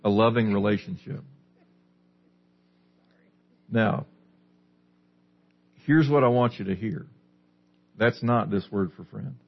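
A man delivers a sermon in a low, husky voice, putting questions to his listeners and then answering them. The recording is dull and lo-fi. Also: takes it slowly, pauses often. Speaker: pastor.

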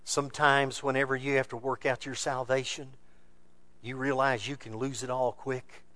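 A man preaching a sermon, moving between loud, emphatic bursts and low, quiet passages. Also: flat delivery, moderate pace, no room sound.

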